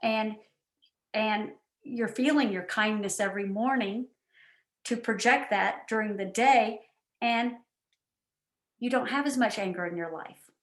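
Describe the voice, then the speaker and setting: A woman's voice: a little high, unhurried, pauses often. Chatty woman coaching on a team call. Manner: animated and chatty, many asides. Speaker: guest speaker and coach. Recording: roomy echo.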